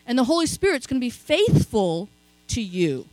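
High, lively woman preaching a sermon. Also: normal speed, dry recording, rough recording. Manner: conversational storytelling, frequent "okay?" asides.

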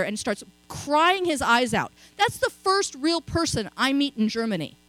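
A middle-aged woman preaching in a high, lively voice that swoops up and down as she tells a story. Her delivery is conversational and she checks in with her listeners as she goes. The sound is dry and close, with a faint mains hum underneath. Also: a little slow, few pauses, no echo, low-quality recording. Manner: conversational storytelling, frequent "okay?" asides. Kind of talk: sermon.

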